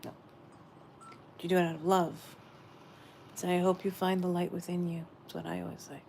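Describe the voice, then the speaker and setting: A woman giving a gentle, meandering spiritual message she says she is channeling, often repeating her phrases. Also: on the low side, level tone, moderate pace, creaky, a little hiss or hum.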